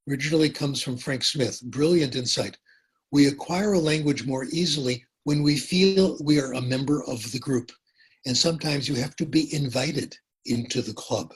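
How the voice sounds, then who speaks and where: Older man, very raspy voice, average pitch, informal lecture, deliberate, dry humor. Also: a bit bright, poor audio. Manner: deliberate, repeats phrases for emphasis, dry humor. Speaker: language education lecturer.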